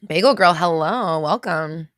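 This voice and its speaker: A woman's voice: lowish voice, measured pace, a bit bright, no echo, clean studio sound. A woman hosting a casual livestream, greeting viewers by name and reading out their comments in a chatty way. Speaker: livestream host.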